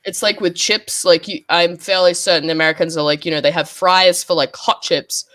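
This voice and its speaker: A woman's voice: fairly low pitch, fairly even intonation, normal speed, a bit bright, slight background noise. An Australian woman co-hosting a casual stream chat, laughing often, swearing and acting out quotes. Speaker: stream co-host.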